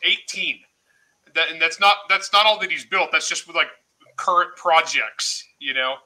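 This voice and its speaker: A boisterous middle-aged man trades jokes on a casual livestream. His voice sits high and cuts with a hard, bright edge. He laughs often and talks loudly. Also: normal speed, poor audio. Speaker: guest author.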